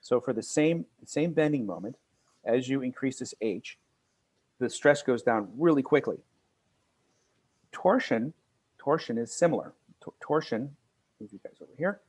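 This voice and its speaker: A man lecturing a university class, earnest and halting, with many fillers and restarts. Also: mid-range voice, animated, a little mellow, breathy edge.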